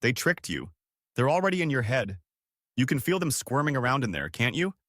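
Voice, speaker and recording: A man voicing a frightened, hunted Frenchman with a French accent who pleads in a breathy, urgent whisper. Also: mid-range voice, sing-song, a little fast, a bit bright, no echo, clean studio sound.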